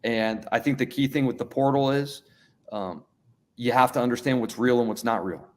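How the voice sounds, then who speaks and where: A man's voice: mid-range voice, moderate pace. A middle-aged man, a college basketball coach, giving earnest, plain-spoken interview answers and often repeating words as he thinks.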